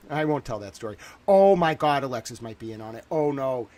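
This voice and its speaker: His medium-pitched voice is expressive and slightly mellow, moving at a normal pace. The man, in his thirties and hosting a livestream, swears and exclaims in panic, repeating himself as he rants to viewers.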